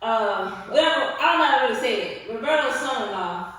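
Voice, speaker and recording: A woman's voice: a little high, lively intonation, fairly quick, a bit bright. Sassy, tired woman in an echoey room. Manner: sassy, chatty, calls viewers honey and hunty. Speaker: vlogger. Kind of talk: casual chat while stretching. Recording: echoey room, far from mic.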